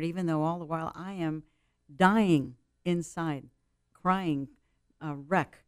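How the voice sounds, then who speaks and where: A woman's voice: low voice, steady tone, takes it slowly, smooth, dry recording. Woman, middle-aged, interview guest, earnest dramatic storyteller, dry close sound. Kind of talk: personal story told in an interview.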